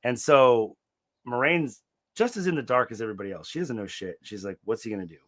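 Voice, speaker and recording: A young man co-hosting a book podcast in casual chat, laid-back and swearing freely, acting out quotes with sudden loud yelps. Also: medium pitch, big pitch swings, fairly quick. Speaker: podcast co-host recapping a book series.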